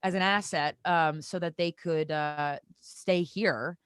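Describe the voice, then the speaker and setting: A woman's voice: low voice, slow pace, smooth, no room sound, clean studio sound. A woman, a podcast guest in casual chat, telling stories with lots of swearing and acting out what others said. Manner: animated storytelling, acts out quoted voices, swears freely.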